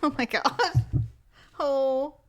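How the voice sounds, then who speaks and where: Woman podcast host, kinda high voice, laughs a lot telling her stories. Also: extremely slow. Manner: giggly, animated storyteller. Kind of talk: casual chat.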